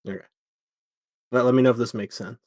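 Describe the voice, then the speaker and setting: A man's voice: medium pitch, steady tone, fairly quick, a little mellow, dry recording, studio quality. A man playing in a tabletop role-playing game, playful, often stammering and restarting his sentences. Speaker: player. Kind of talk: casual tabletop role-play chat.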